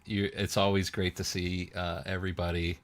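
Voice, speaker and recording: A man co-hosting a casual podcast who rambles through stories, often restarting, and puts on squeaky voices for other people. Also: flat delivery, moderate pace. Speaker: podcast co-host. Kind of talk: casual chat.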